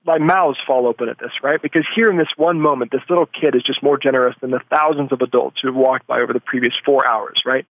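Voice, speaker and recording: A man speaks earnestly at a middling pitch, pausing now and then to find his words. The recording is slightly muffled and dry, with no room sound. He is an interviewee telling his story. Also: fairly even intonation, no echo.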